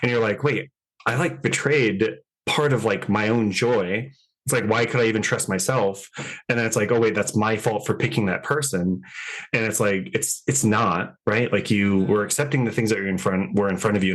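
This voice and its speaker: A man's voice: lowish voice, fairly bright tone. A man, a dating coach, talking casually on a podcast, chatty with many fillers and acting out dialogue with clients.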